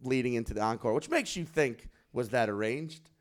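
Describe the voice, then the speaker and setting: A man in his forties telling stories in casual podcast chat, animated and profane, acting out quotes in loud bursts. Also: mid-range voice, a little fast, crowd noise. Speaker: podcast co-host.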